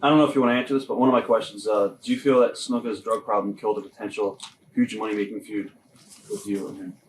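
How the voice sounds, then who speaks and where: A male interviewer asking his questions briskly and deferentially, heard in an echoey room, off-mic. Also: on the low side, steady tone, a little hiss or hum.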